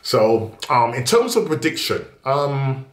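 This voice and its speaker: A man's voice: mid-range voice, very animated, slow, roomy sound, a little hiss or hum. A man hosting a casual football match preview, chatty and rambling with many fillers and restarts. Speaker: football channel host.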